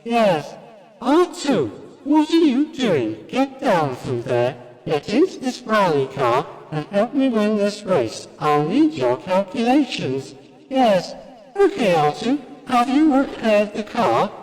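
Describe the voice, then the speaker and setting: A man's voice: high voice, sing-song, takes it slowly, a little mellow, in a large hall, pitched above the performer's own voice, full character voice, low-quality recording. A man doing an impression of a fussy, prissy male protocol droid over a robot voice filter while driving a rally game.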